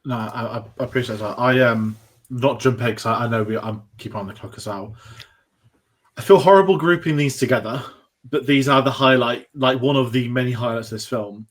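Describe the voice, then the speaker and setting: A man's voice: medium pitch, a little fast. Enthusiastic man chatting about films. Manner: enthusiastic, rambling with restarts. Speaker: podcast co-host. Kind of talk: casual film discussion.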